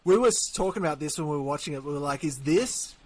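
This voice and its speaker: A man's voice: fairly high pitch, racing. A man with an Australian accent co-hosting a casual podcast, joking and swearing, now and then singing bits. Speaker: podcast co-host.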